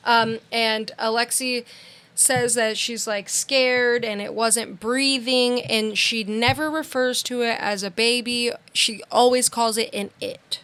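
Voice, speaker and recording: A young woman co-hosts a podcast and retells a true-crime case in casual chat, slowly, in a slightly high, clear, resonant voice. Her storytelling is animated, packed with "like"s and voiced quotes.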